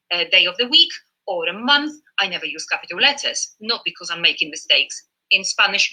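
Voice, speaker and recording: A woman's voice: lowish voice, sharp tone, husky, rough recording. A woman teaching a live online Spanish lesson in an encouraging, chatty way, with fillers.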